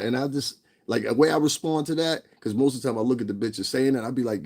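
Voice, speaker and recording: Brief: husky male vlogger, mid-pitched, profane and blunt, emphatic rant. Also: quick pace, hardly any pauses, a little mellow. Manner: profane, blunt, emphatic, laughs between points. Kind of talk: ranting commentary.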